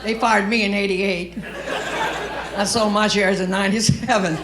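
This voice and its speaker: A woman's voice: medium pitch, steady tone, normal speed, a crowd in the background, background noise. A middle-aged woman from Louisiana with a Southern accent and a smoky voice, telling brash, profane stories in a stand-up comedy set on a club stage. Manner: brash, profane, storytelling delivery. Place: comedy club stage before a live audience. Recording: echoey club room.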